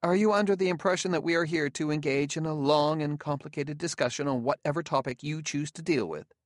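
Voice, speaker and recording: A man's voice: on the high side, a little fast, no echo, clean studio sound, voice pushed up, lightly acted. A man voicing a cool, imperious woman scientist who speaks in clipped, commanding tones in an audiobook. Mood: haughty.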